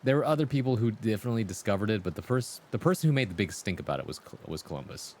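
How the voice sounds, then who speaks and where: A man's voice: lowish voice, lively intonation, rapid-fire, a little mellow. A man hosting a livestream, talking casually to his chat and acting out voices in his stories. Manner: conversational, acts out quoted voices in anecdotes. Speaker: livestream host.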